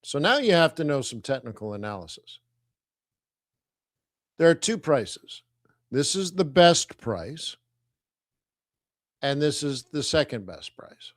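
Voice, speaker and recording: A middle-aged man hosting a live trading stream, talking to viewers in an energetic, teasing way as he walks them through charts. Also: a little high, takes it slowly, long pauses, no echo, clean studio sound. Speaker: forex trading host.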